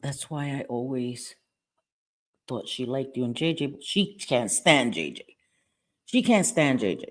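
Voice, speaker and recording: A woman's voice: low voice, a little mellow. A woman hosting a casual livestream chat, talking bluntly and swearing freely, repeating herself and laughing often as she talks into her webcam microphone. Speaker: livestream host. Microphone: webcam or computer mic.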